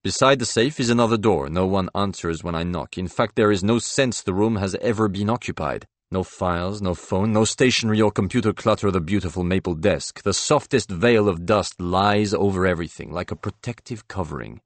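Male audiobook narrator, very low voice, dry close sound, measured first-person read. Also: no room sound.

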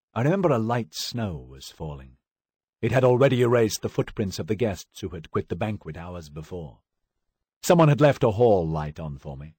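Male audiobook narrator, low and husky, lively intonation, wry dramatic read. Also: dry recording, clean studio sound. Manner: wry, dramatic storytelling with acted quotes. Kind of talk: first-person audiobook narration.

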